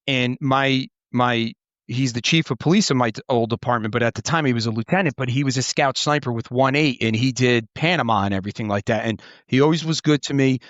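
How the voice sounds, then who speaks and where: A man's voice: medium pitch, a little fast, fairly bright tone, dry recording. Rambling middle-aged man, dull dry sound. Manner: rambling, many restarts and swearing. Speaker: podcast host and former Marine officer. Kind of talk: casual storytelling chat.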